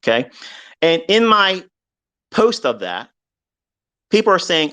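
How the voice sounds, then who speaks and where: A man hosting a live online audio chat, ranting heatedly and profanely, swinging between loud outbursts and low mutters. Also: very animated, takes it slowly, long pauses, clear, resonant tone. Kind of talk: heated unscripted rant. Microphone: online audio room.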